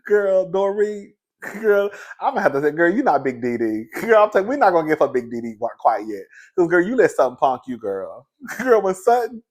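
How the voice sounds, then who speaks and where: A young man recapping a reality show in casual, sassy commentary, laughing often and calling the listener "girl". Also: sits high.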